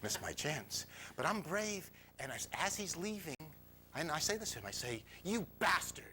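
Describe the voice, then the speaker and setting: Older male storyteller, bright, lively pitch, self-mocking, faint rumble behind. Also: normal speed. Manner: animated, self-mocking, drops to whispers for quoted lines. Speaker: storyteller speaking to an audience. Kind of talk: personal storytelling talk.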